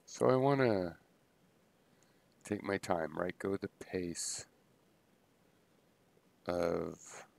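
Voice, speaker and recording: A man thinking aloud in a halting, unscripted philosophical monologue, full of pauses and restarts. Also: deep voice, creaky. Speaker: video blogger musing on philosophy.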